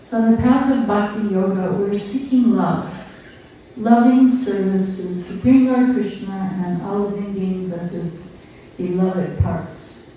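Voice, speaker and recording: An older woman giving a gentle devotional talk at a retreat, conversational, often checking in with her listeners. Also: mid-range voice, steady tone, unhurried, slight background noise. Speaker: spiritual teacher. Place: retreat hall. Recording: echoey hall, voice from far off.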